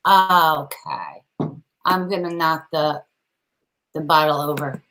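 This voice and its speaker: Slow-talking bright-voiced woman. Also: low voice, steady tone, poor audio. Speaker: podcast co-host. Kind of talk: casual chat.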